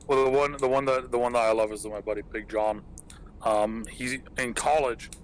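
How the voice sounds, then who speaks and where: A man's voice: medium pitch, fairly even intonation, moderate pace, slight background noise, rough recording. A young man who grew up in England, hosting a podcast and telling rambling, profanity-laced stories in casual chat with plenty of fillers. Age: young adult. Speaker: podcast host.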